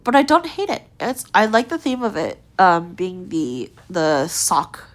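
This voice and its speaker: A woman's voice: fairly low pitch, sing-song, unhurried. A young woman chatting casually as she rates outfits, rambling with lots of fillers, her voice a little tired and strained. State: voice tiring, slightly strained. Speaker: gaming video creator. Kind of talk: casual rating commentary.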